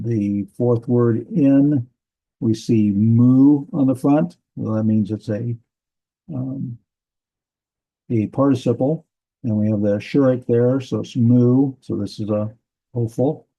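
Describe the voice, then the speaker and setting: A man teaching a casual Bible language class, reading verses word by word with many halting fillers and restarts. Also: mid-range voice, mellow. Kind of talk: casual Hebrew grammar lesson. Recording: dull lo-fi recording.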